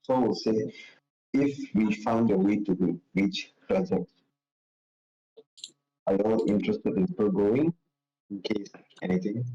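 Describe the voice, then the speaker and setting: A man's voice: lowish voice, animated, measured pace, long pauses, warm tone, highs cut off. A man playing a tabletop game in casual chat, stammering and often restarting his sentences. He sounds distant from the mic. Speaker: player.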